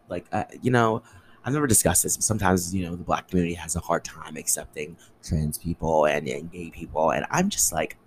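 A man's voice: low-pitched, vocal fry, a little hiss or hum, rough recording. A young man hosting a solo podcast, ranting in an impassioned, angry way with lots of swearing. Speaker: podcast host.

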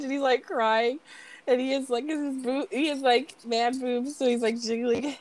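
A young woman co-hosting a podcast, chatting casually and retelling scenes in an animated way. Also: sits high, measured pace. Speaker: podcast co-host. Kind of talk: casual chat.

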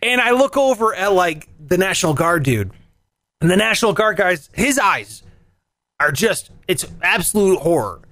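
A man telling a story in casual chat, animated, swearing and acting out voices. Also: sits high, normal speed, no echo.

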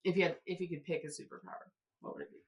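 A woman's voice: fairly low pitch, huge pitch swings, rapid-fire, gravelly, lo-fi sound, background noise. A woman hosting a casual podcast game, reading questions aloud and laughing easily. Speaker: podcast host. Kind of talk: casual chat.

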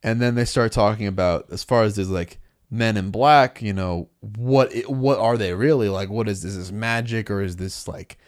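A man with a lowish voice, chatting casually as a podcast co-host. He retells a story with animated energy and acts out the characters' lines as he goes. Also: normal speed. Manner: animated storytelling, acting out dialogue. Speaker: podcast co-host recapping a comic. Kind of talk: casual chat.

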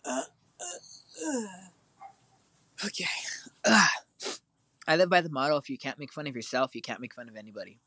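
A man's voice: fairly high pitch, very animated, fairly quick, pauses often, sharp tone, no echo. Casual teen guy podcast host, lots of "like" and "um", totally dry sound. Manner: rambling, filler-heavy storytelling. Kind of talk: casual chat.

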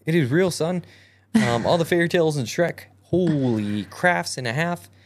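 A woman's voice: deep voice, expressive, moderate pace. A woman co-hosting a podcast in casual chat, goofy and rambling, with many fillers and restarts. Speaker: podcast co-host.

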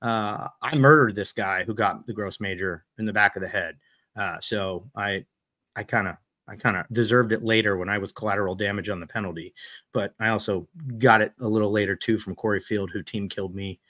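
A man's voice: on the low side, steady tone, fairly quick, pushed and bright. A man co-hosting a podcast, telling a self-deprecating paintball story in a casual way. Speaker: podcast co-host and paintball player.

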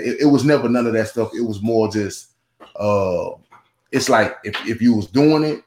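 In a roomy, echoing space, a podcast guest chats casually at normal speed, his lowish voice carrying a darkish tone. He keeps restarting, drifting into asides and tossing in "you know what I'm saying."

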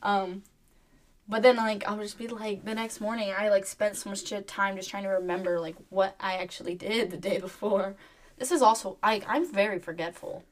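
A woman's voice: medium pitch, fairly even intonation, moderate pace. A young woman co-hosting a podcast in casual chat, rambling with many fillers and self-mocking laughs. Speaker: podcast co-host.

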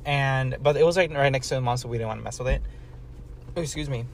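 A man's voice: medium pitch, quick pace, gravelly, slight background noise. A young man rambling through a casual story, full of "like" and casual swearing, talking as a co-host.

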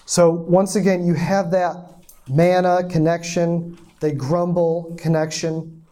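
A man's voice: fairly high pitch, flat delivery, takes it slowly, warm tone. A man preaching a sermon in a conversational teaching manner, with rhetorical asides and quoted lines done with mock indignation. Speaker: pastor.

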